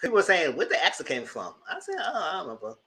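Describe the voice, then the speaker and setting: Animated sassy man chatting with viewers. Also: on the high side, racing. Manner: animated, sassy, laughs often. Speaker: host. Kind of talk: casual commentary chat.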